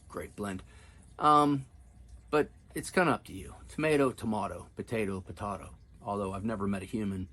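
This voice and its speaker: At home in a downstairs room while his family is upstairs, a middle-aged man hosts a pipe-smoking video, chatting casually to the camera in a rambling, self-deprecating way. His voice is medium-pitched and a little bright, with a faint hiss or hum in the recording.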